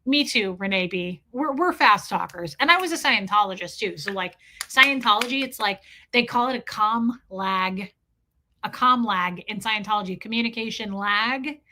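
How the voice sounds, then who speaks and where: A woman from the US Midwest chatting fast on a live stream, telling stories, swearing, and reading chat names. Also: medium pitch, bright, forceful tone, a little hiss or hum. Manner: fast-talking, swearing, laughing storyteller.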